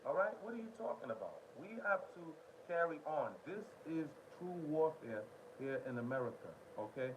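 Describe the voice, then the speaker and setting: A man's voice: on the high side, very animated, moderate pace, few pauses. A man hosting a live political commentary stream, talking in a heated, emphatic way and repeating his phrases for effect. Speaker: online commentary host. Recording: muffled lo-fi audio with noise.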